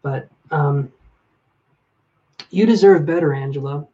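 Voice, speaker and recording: Man, fairly high voice, live-stream relationship advisor who talks to chat by name, murky lo-fi audio. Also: slow, mellow. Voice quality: reflective, speaks straight to viewers by name. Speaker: livestream reader and relationship advisor.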